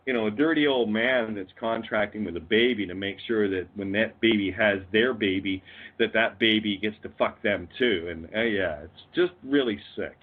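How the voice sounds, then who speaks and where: Husky Canadian man ranting over a phone line. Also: fairly low pitch, moderate pace. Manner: swearing, laughing, confrontational. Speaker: guest on a call-in radio show. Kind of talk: rambling profane rant. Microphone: phone or call line. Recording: tinny phone-line audio.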